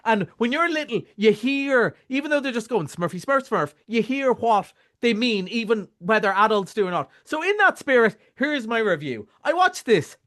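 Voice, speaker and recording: A man's voice: very high-pitched, lively intonation, moderate pace, hardly any pauses, pushed and bright. An Irish man chatting casually as a film reviewer, rambling with many restarts. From Ireland. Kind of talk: casual chat.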